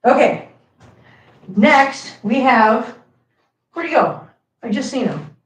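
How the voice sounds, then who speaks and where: A middle-aged woman hosting a casual live stream, chatty and animated, greeting viewers by name as she chats. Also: high voice, unhurried, pauses often. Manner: chatty and animated, reads viewer comments aloud. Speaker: livestream host. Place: home, indoors. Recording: echoey room.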